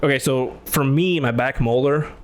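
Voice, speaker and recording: A man on a casual podcast spins an animated story, acting out the other person's lines in his own voice. His pitch sits in the middle range, and he says "like" a lot and swears freely. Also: normal speed, slight background noise. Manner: animated, acts out both sides of the story, laughs loudly. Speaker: podcast host.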